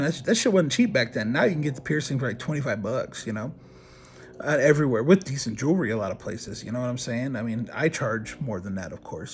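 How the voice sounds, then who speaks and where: A man's voice: on the high side, breathy edge. A middle-aged man, a podcast host telling a crude, swearing story and acting out what people said. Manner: crude, animated storyteller who swears and acts out quotes. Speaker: podcast host, body piercer. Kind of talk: casual storytelling.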